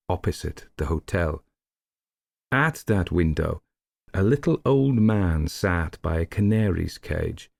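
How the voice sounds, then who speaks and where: Deep, gravelly male audiobook narrator. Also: a little mellow, dry recording.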